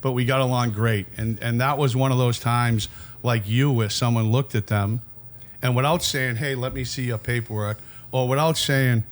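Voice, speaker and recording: A man's voice: medium pitch, steady tone, moderate pace. A middle-aged man casually telling rambling, streetwise prison stories and swearing freely. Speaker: podcast guest, former inmate. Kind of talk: casual storytelling.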